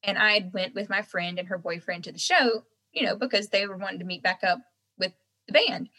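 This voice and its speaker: A young woman with a softened Southern American accent, chatting casually as a guest and laughing often. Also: medium pitch, fairly quick, poor audio. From Southern United States. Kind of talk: casual chat.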